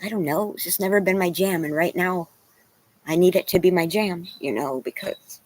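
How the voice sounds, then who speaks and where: A woman's voice: fairly low pitch, normal speed, darkish tone, slight background noise. A woman vlogger venting to camera, rambling and self-deprecating, at times crying. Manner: rambling, tearful, self-deprecating, with many "you know"s.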